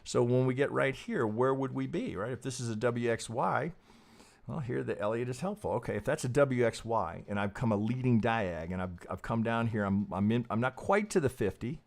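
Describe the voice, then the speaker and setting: On a casual trading live stream, a man with an expressive, slightly fast, creaky voice thinks through things aloud, swearing and asking "right?" over and over. He goes up in pitch for emphasis and drops low and soft to mutter.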